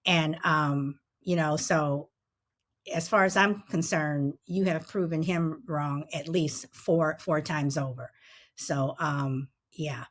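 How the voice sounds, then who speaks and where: A woman's voice: low voice, steady tone, takes it slowly. Supportive middle-aged woman host. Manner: warm and supportive, addressing guests. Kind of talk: panel discussion.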